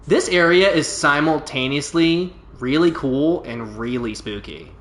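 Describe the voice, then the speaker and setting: A man's voice: fairly high pitch, measured pace, a bit bright. A man hosting a gaming video, giving casual, enthusiastic commentary as he plays. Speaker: gaming channel host. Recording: roomy echo.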